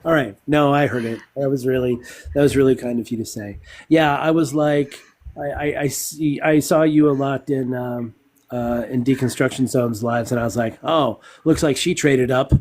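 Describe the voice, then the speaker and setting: A man's voice: medium pitch, normal speed. A man who teaches Spanish, joking and swearing in a casual live-stream chat over his phone. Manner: joking, profane, animated. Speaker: Spanish teacher, guest caller.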